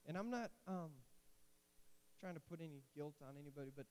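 A man's voice: fairly high pitch, moderate pace, long pauses, clean tone, low-quality recording. A man in his late twenties giving a casual sermon as a youth pastor, telling stories and cracking jokes along the way. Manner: animated storytelling with asides and jokes. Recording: faint hiss.

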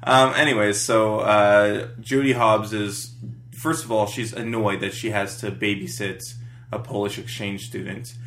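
A man co-hosting a podcast, recapping a TV episode in a relaxed, filler-heavy way. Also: fairly low pitch, unhurried, slight background noise. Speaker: podcast co-host. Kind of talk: casual chat recapping a TV episode.

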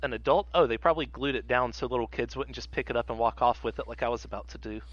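A man co-hosting a casual podcast chat, chiming in with quick jokes and quips. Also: medium pitch, muffled recording. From Georgia. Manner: jokey, chimes in with quips and silly voices. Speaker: podcast co-host.

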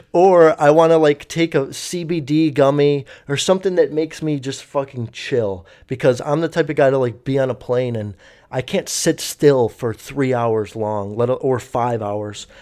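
A man's voice: medium pitch, moderate pace, darkish tone. A young man telling a story casually, rambling and swearing with lots of fillers. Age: young adult. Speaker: vlogger.

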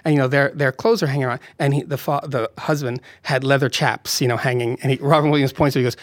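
A man, a film director, telling an animated anecdote in conversation and acting out quotes. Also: mid-range voice, fast, no room sound. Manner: animated storyteller, acts out quotes, laughs often.

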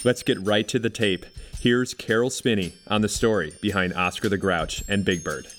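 A man's voice: on the low side, fairly even intonation, moderate pace, fairly bright tone, soft background music. A man hosting a radio podcast with scripted, conversational narration. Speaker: podcast host.

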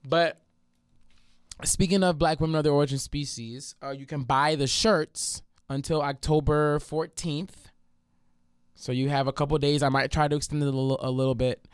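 A man with a slightly high, smooth, clear voice, chatting casually as a podcast host. He tells stories with animation and plenty of swearing. The recording is dry and close, with no room sound. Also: moderate pace, no echo. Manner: animated, profane, acts out quotes. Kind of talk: casual storytelling chat.

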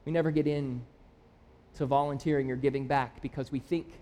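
His medium-pitched, mellow voice keeps a fairly even intonation and moves a little fast. He's a thirtysomething pastor from Michigan delivering a conversational sermon of personal stories and self-deprecation that builds into emphatic, rising appeals.

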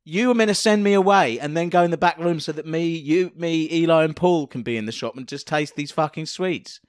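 A man's voice: fairly high pitch, fairly quick, clear, resonant tone, dry recording, studio quality. Sweary male co-host. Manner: sweary, blunt, jokey. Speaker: podcast co-host. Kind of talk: casual comedy banter.

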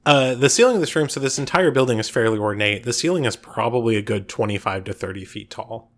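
Man, game master, tabletop narration, relaxed, uh and um fillers. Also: mid-range voice, quick pace.

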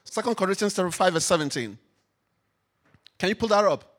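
A man preaching a sermon as pastor, emphatic, swinging between loud declarations and quiet reflection. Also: high-pitched, expressive, brisk.

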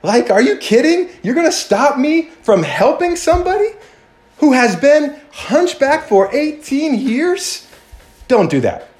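A man's voice: mid-range voice, expressive, unhurried, close to an everyday voice. A man voicing an exasperated man who rebukes a hypocrite in an emphatic, pleading way.

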